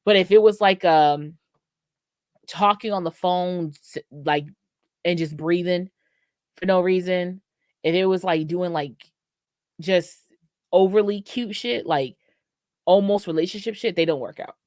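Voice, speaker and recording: Woman, podcast co-host, low-pitched, dry close mic, candid slangy delivery. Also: measured pace, pauses often, a little mellow, no room sound. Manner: frank and slangy, acts out quoted voices. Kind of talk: casual podcast chat.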